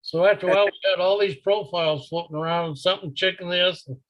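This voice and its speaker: An older man on a video call, telling an old hobby story in a relaxed, unhurried way. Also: high-pitched, dull audio. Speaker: video hangout participant. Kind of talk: casual anecdote telling.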